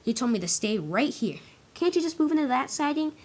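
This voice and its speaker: A woman voicing an eager, excitable male train engine in a homemade toy-train story. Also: high-pitched, fairly quick, pitched above the performer's own voice. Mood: pleading.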